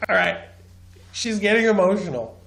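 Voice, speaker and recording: Mocking male commentator, sarcastic, animated pitch. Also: normal speed, creaky. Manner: mocking, sarcastic, swings into high mock-crying voices. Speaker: commentator reacting to a clip.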